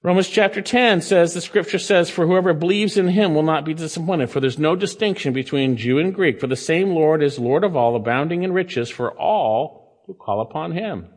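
Male preacher, high-pitched, emphatic sermon delivery, hall reverb. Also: moderate pace. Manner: emphatic, varies pace and loudness, quotes scripture.

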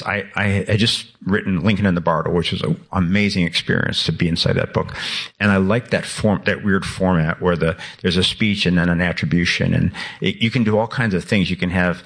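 A man in his sixties, an author speaking as a radio guest, animated and laughing, with many restarts. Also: low voice, husky. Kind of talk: radio interview conversation.

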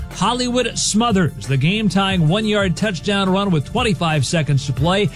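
High-voiced man reading sports news. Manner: brisk newsreader delivery. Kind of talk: scripted sports news update.

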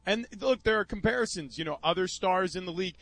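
A man, a former pro football player, co-hosting sports talk radio in a measured, explanatory way. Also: sits high, lively intonation, a bit bright, poor audio. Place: radio studio.

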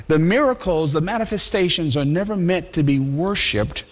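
High-voiced animated preacher. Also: male voice. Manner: animated, conversational, repeats words. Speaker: pastor. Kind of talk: sermon. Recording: long hall reverb.

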